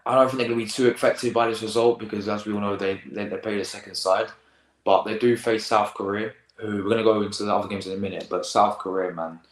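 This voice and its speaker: Low-voiced slangy teen lad streaming. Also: male voice, fast, roomy sound, poor audio. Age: teens. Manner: excitable, rambling, slangy. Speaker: football reaction host. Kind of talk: casual live-stream chat.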